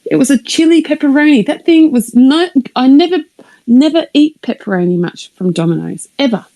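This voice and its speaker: A woman's voice: high voice, normal speed, rough recording. Rambling woman telling a story. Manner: rambling and animated, swearing, dropping to whispers. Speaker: streamer. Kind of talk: casual anecdote on a live stream.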